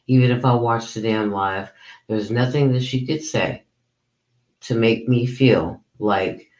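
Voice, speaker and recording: A man's voice: mid-range voice, a little mellow, echoey room, rough recording. A man hosting a commentary channel, ranting in a profane, incredulous way and saying he is tired.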